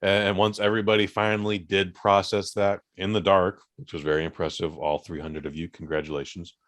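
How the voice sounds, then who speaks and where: A man hosting a podcast, telling a story in a casual, animated way, swearing freely and acting out other people's voices. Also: low-pitched, brisk, no echo, clean studio sound. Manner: animated, profane, acts out voices in his stories. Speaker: podcast host.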